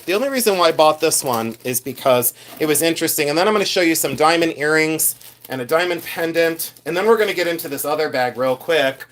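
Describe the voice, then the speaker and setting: A middle-aged man hosting a live reseller stream, chatting animatedly and reading viewer comments aloud as he shows his finds. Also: a little high. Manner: mimics shouting collectors for laughs. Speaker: reseller host. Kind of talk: live-stream show-and-tell chat.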